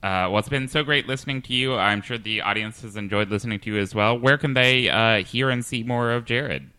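A man hosting a comedy podcast, deadpan and hesitant, full of ums and uhs. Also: mid-range voice, brisk, clear, resonant tone, dry recording. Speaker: podcast host.

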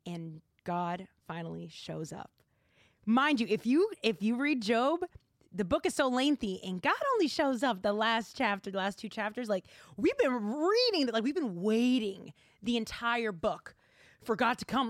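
A woman's voice: mid-range voice, lively intonation, moderate pace, no room sound, studio quality. A young woman hosting a podcast, chatty and giggly, filling her talk with "like". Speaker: podcast host. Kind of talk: casual chat.

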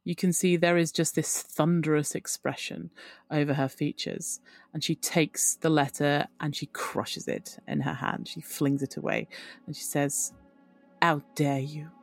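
Woman gm narrating the scene, kinda low voice, um-ing a lot, faint music under. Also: measured pace, gravelly, no room sound. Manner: descriptive, hesitant fillers. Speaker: game master. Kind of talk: narrating a tabletop game.

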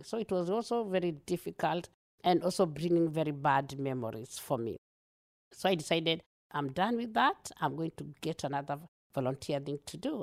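A woman with a Kenyan accent, a guest telling her own story in an interview, earnest and animated, laughing often. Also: low-pitched.

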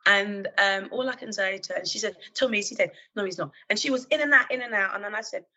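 A woman who is a former police officer, telling a personal story in an earnest, halting way with many fillers and restarts. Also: mid-range voice, sharp tone, lo-fi sound. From London, England.

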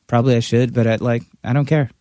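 A man's voice: medium pitch, fairly even intonation, fast, mellow, no room sound, studio quality. Rambling, self-deprecating podcast man. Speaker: podcast co-host. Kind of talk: casual podcast chat.

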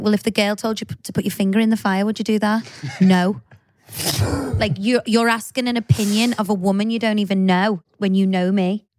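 A woman's voice: medium pitch, a little mellow, no room sound. A woman, co-hosting a podcast and telling stories in a blunt, teasing way. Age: 30s. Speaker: podcast co-host. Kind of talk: casual chat.

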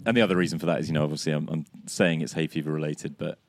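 A man co-hosting a casual cricket podcast outdoors, slightly hoarse from laryngitis, chatty and self-deprecating with many restarts. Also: extremely low pitch, steady tone, very fast, dry recording. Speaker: podcast co-host. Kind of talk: casual chat. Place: outdoors, sunny and breezy.

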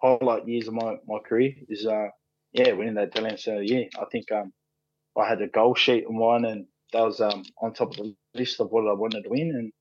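A rugby league player from Australia, in his thirties, chats casually on a podcast, spinning stories with plenty of fillers and swearing. His voice sits on the low side, steady, a little fast and a little mellow; the sound is dull and dry.

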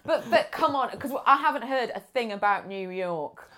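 A woman's voice: on the high side, animated, normal speed, bright, forceful tone. A woman co-hosting a casual chat, teasing and cracking jokes. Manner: teasing, jokey interjections.

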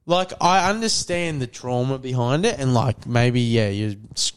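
A man's voice: mid-range voice, smooth. A man co-hosting a podcast, chatting casually, often hesitating and filling gaps with "like". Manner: hesitant, trails off with fillers, quick reactions. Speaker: podcast co-host. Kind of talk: casual crude chat.

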